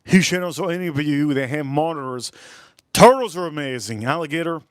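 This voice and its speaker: Young man, livestream host, casual rambling chat, excitable, dry recording. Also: on the high side, brisk, smooth, no room sound. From South Florida. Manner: rambling, excitable, jumps between topics.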